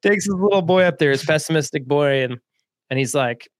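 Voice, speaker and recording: A man co-hosting a podcast, telling a story in a relaxed, chatty way, with frequent laughs and fillers. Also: a little high, no echo, studio quality. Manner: laid-back, laughs often, quick bursts with lots of fillers. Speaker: podcast co-host. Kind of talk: casual storytelling chat.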